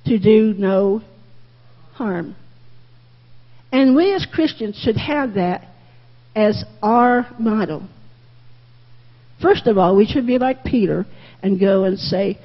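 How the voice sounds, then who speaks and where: A woman leads a Sunday school lesson in a church. Her husky, middle-pitched voice stays folksy and candid, circling back over her own phrases. The recording is muffled, and the room's echo lingers. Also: slow pace, pauses often. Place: church classroom. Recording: muffled reverberant room recording.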